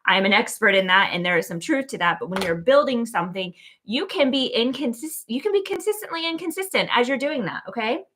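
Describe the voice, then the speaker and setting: A woman hosting her own show, giving a casual, animated motivational talk full of "like" and "okay?". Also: fairly high pitch, a little fast, few pauses, slight background noise. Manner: animated, chatty, lots of "like" and "okay?". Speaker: keynote speaker and show host.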